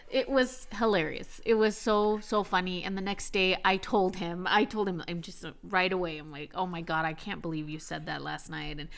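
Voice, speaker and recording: A woman's voice: on the low side, normal speed, vocal fry, few pauses, fairly bright tone. A pregnant young woman telling a personal story in a candid, chatty way, laughing often and swearing now and then. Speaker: vlogger.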